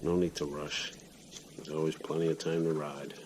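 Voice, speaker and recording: A man's voice: extremely low pitch, little pitch movement, moderate pace. A middle-aged man working on his motorcycle in his home garage, breathing hard as he talks through each step in a plain, hands-on way. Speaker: home mechanic. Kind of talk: casual how-to demonstration. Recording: noisy garage recording.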